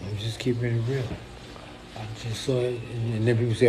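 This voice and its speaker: A middle-aged man rants casually to viewers of his livestream. His voice sits at an ordinary pitch with a mellow, dark tone, and a faint hiss of noise lies underneath. He talks bluntly and swears freely, often circling back to repeat his points. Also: flat delivery, brisk. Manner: blunt, profane and repetitive, speaking to viewers. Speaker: poet and livestreamer.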